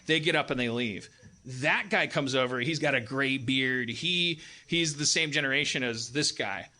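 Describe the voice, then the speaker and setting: A man's voice: mid-range voice, normal speed. A man hosting a talk show, telling a rambling, profane story and acting out the people in it. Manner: profane, animated, acts out quoted people in raised voices. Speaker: podcast host. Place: live stage.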